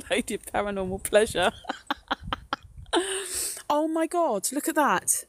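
A woman's voice: fairly high pitch, expressive, slow, no room sound. A woman livestreaming a ghost walk outdoors on her phone, chatting, joking with viewers and laughing often. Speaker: paranormal live streamer. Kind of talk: live-streamed ghost walk chat.

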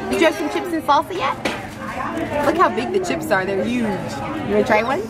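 Over loud music, a young woman speaks in a high-pitched, sing-song voice at a fairly quick clip. She's a vlogger mom filming a casual family vlog with her kids on a handheld camera, chatty and playful with frequent laughter, amid loud crowd and street noise.

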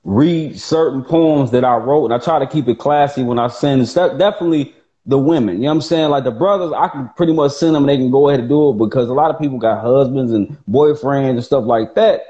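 Man, baritone, guest poet, casual live chat, animated delivery, muffled lo-fi audio. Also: fast. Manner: animated, plays with his voice tones, laughs easily. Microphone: live video call.

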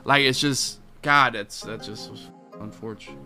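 A young man giving live commentary while playing a football video game, swearing often and swinging from low muttering to loud, exasperated outbursts. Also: a little slow, loud music behind the voice. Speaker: gaming video creator.

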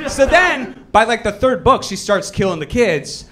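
A man doing a live stand-up set, talking in an animated way and jumping into loud mock voices when he quotes people. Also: sits high, normal speed. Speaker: stand-up comedian. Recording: live club recording with audience noise. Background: audience laughter.

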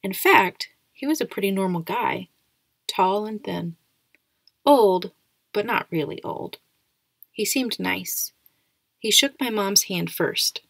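Casting: female audiobook reader, steady, slight vocal fry. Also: mid-range voice, takes it slowly, long pauses, no echo. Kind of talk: storybook narration.

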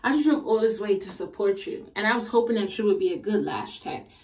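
A woman's voice: mid-range voice, brisk, distant mic. Exasperated young woman venting a storytime. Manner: animated, slangy, exasperated retelling. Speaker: vlogger. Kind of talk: casual storytime chat.

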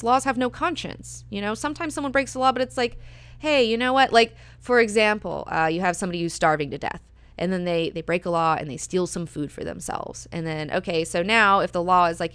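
A woman's voice: medium pitch, fairly bright tone, clean tone, no room sound. A young woman hosting a book club, talking casually and filling her speech with "like" and "you know". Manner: chatty, lots of "like" and "you know".

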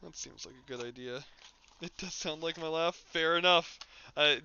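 A man's voice: a little high, normal speed, gravelly, sharp tone, clear, resonant tone, muffled recording. A man streaming a game and chatting casually with his chat in a rambling, jokey way, laughing often. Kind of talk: casual live-stream chat while gaming.

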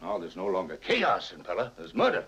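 A wily, commanding middle-aged king with a low, husky voice that rises and falls sharply as he presses his son. He probes and scolds with cold scorn. The sound is a dull, lo-fi 1950s film track. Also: huge pitch swings, brisk, noisy background. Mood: impassioned. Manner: stern, probing and scornful. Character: cunning, stern middle-aged king and father. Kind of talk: 1950s epic film acting.

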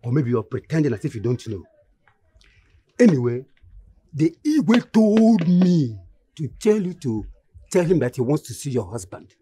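An actor playing a threatening village messenger, speaking emphatically in a Nigerian accent. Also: male voice, a little high, big pitch swings, moderate pace, long pauses, warm tone, husky. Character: menacing male village messenger. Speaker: messenger from a chief. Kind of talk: Nollywood film acting.

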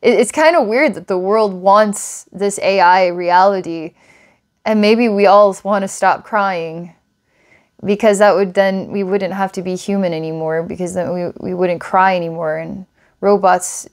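A psychic reader gives a recorded reading to a client in a lowish, unhurried voice. She talks earnestly and rambles, often restarting and laughing now and then.

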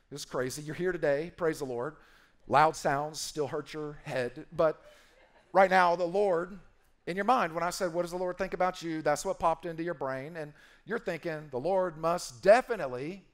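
A man's voice: on the high side, fairly even intonation, normal speed. A man preaching a sermon as a pastor, playful and emphatic, acting out quoted voices and repeating key phrases.

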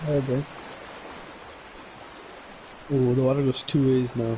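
A young man playing a video game with a friend, swearing and reacting out loud to what happens. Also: medium pitch, level tone, measured pace, background noise. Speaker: gamer. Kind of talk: casual gaming chat.

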